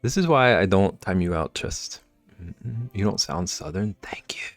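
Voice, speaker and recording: A man's voice: low-pitched, animated, measured pace, no room sound, faint music behind. A man livestreaming, chatting casually and teasing his viewers as he reacts to chat from home.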